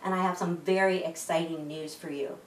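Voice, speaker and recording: A woman librarian reading a story to children in a lively sing-song way. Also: fairly low pitch, moderate pace, a little hiss or hum. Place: library room. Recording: echoey room, mic at a distance.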